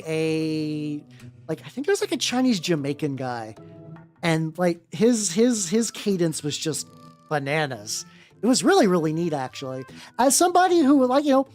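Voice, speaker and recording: Painting miniatures during a live stream, a female VTuber talks casually in a mid-range, slightly mellow voice she calls nerdy. Her chatter wanders, full of fillers and self-interruptions, over faint background music.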